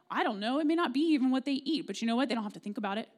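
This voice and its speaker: A woman's voice: on the high side, expressive, racing, few pauses. A woman in her forties with an American Midwestern accent, preaching a conversational, humorous sermon in a church. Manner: conversational and humorous, acting out quoted prayers. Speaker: pastor. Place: church sanctuary.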